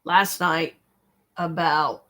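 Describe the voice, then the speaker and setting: A woman's voice: sits low, steady tone, very slow, sharp tone. A woman talking in a casual livestream monologue, rambling, blunt and exasperated, swearing freely as she speaks straight to a viewer. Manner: speaks to one viewer directly.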